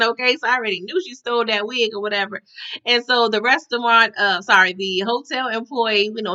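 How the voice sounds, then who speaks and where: A woman's voice: a little high, pushed and bright, lo-fi sound. A woman recapping a TV episode in casual chat, often tagging her sentences with "okay?". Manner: chatty, tags lines with "okay?".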